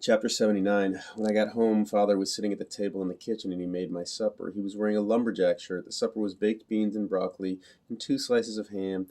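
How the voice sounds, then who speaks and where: Low, mellow male audiobook reader. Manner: flat, literal, measured delivery. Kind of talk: first-person novel reading.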